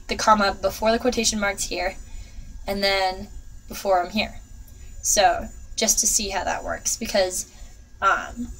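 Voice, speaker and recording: A woman's voice: mid-range voice, a bit bright, a little hiss or hum, rough recording. A young woman giving a casual writing tutorial, chatty and full of ums and uhs.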